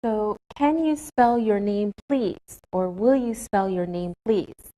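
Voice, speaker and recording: Slow, carefully spoken woman teacher. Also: medium pitch, warm tone, rough recording. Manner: slow, careful, clearly enunciated. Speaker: English teacher. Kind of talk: scripted classroom lesson.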